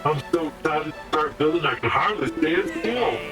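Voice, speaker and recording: A man voicing a flattering, scheming villager who wants to be made mayor, with a wheedling, theatrical delivery. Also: on the high side, moderate pace, far from the mic, loud music behind the voice, lightly acted.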